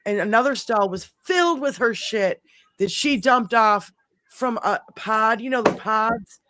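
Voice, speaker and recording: A middle-aged woman hosting a podcast, telling a long story in a casual, animated way, swearing freely and rambling. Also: fairly high pitch, a little slow, noisy background. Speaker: podcast host.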